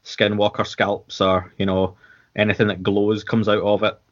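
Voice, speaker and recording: Speaking at normal speed in a level tone, this lowish-voiced Scottish co-host chats through a casual watchalong on a podcast. His talk wanders with restarts and lots of fillers, captured on slightly dull, lo-fi audio.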